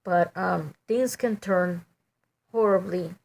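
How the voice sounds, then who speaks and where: A middle-aged woman giving a halting, emotional personal testimony, full of "you know" and restarts. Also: lowish voice, vocal fry, darkish tone.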